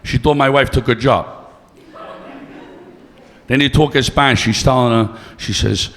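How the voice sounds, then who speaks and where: A man's voice: mid-range voice, moderate pace, pauses often, fairly bright tone. A man doing stand-up, brash and profane, teasing the crowd. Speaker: stand-up comedian. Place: comedy club stage. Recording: long reverb of a club room.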